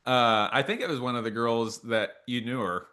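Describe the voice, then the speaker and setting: Bright-voiced male podcast host. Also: medium pitch, fairly even intonation, normal speed. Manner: joking, stumbling restarts. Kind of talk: casual chat.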